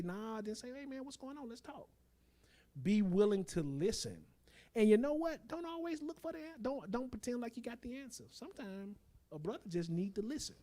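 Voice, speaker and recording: A man's voice: high-pitched, mellow. A man earnestly encouraging other men to open up, repeating his points. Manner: earnest, exhorting, repeats himself.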